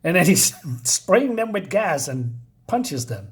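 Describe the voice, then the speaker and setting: A man's voice: a little high, big pitch swings, takes it slowly. A man casually reviewing a comic book, reading the dialogue aloud in loose voices and laughing often.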